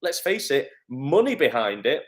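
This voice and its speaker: This middle-aged Northern English man runs a live coaching talk for actors, answering viewers' comments with encouragement and energy. He speaks at a moderate pace in a mid-range voice.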